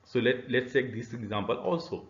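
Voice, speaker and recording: A male university lecturer explains the topic in a halting way, pausing often on "uh". His voice is middle-pitched. The room echoes, and the sound is slightly dull. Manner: hesitant, many "uh" fillers, explanatory. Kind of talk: recorded e-learning lecture.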